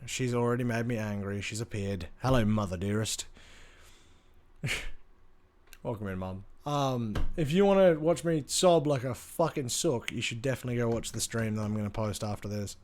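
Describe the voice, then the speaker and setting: A man's voice: mid-range voice, moderate pace, darkish tone. Chatty man streaming games. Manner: chatty, swears freely, greets chat by name. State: tired from lack of sleep. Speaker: live streamer. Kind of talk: casual gaming stream chat. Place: home room with a large bookshelf.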